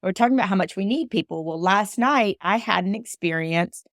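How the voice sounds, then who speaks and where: A woman's voice: medium pitch, a little fast, no room sound, studio quality. A woman from Alabama giving a personal storytelling talk, emphatic and repeating phrases for emphasis. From Alabama, USA. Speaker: motivational speaker.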